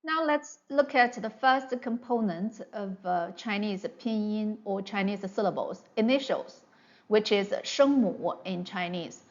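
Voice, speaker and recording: A woman teaching pronunciation in an online lesson, speaking slowly and patiently at a mid pitch. She walks through each sound one at a time. The recording sounds a little dull and lo-fi. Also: expressive.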